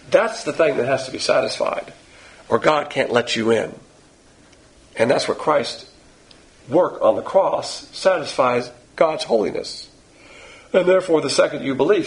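Gravelly, husky male Bible teacher. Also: fairly high pitch. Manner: blunt, folksy and emphatic. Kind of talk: sermon.

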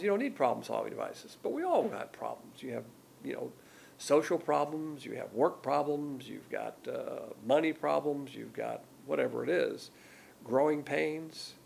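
Gravelly older man preaching. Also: darkish tone, slight background noise. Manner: folksy, emphatic teaching with sudden pitch jumps. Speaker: pastor. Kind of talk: sermon.

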